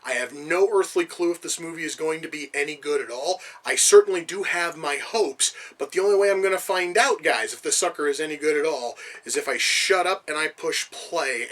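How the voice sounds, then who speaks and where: A man's voice: fairly high pitch, a bit bright, poor audio. A man giving casual reaction commentary on a film, with profane, exasperated rants. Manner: profane, exasperated ranting asides. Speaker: movie reviewer.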